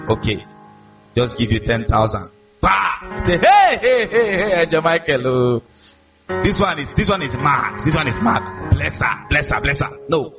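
A man with a Nigerian accent preaching a sermon as a pastor, animated, asking the congregation questions and acting out quotes. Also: fairly high pitch, distant mic, muffled recording. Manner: animated, call-and-response, acts out quotes.

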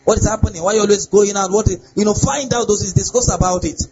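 A young adult man, a pastor, preaching a lively sermon on relationships and often asking his listeners if they get the point. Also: high voice, fast talker, soft background music. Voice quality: animated preaching with laughs and repeated rhetorical questions. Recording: dull lo-fi sound with faint ambience.

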